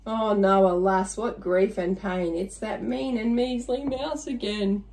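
A timid, well-mannered gentleman who frets over every mishap, as a woman reading aloud puts him on. His lines come out fussy and dismayed, with polite little exclamations. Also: medium pitch, fairly even intonation, unhurried, close to an everyday voice. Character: fretful polite gentleman, timid and easily alarmed.

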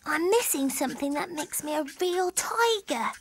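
A woman voicing a cheerful, curious little boy donkey in a cartoon, speaking slowly and gently. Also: sits high, expressive. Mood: playful. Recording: children's music playing behind.

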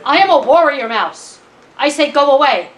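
A woman's voice: high-pitched, animated, moderate pace, fairly bright tone, a little hiss or hum, voice pushed up. A woman voicing a small, self-important male mouse who insists defiantly that he will not be moved. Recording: distant mic at a live event.

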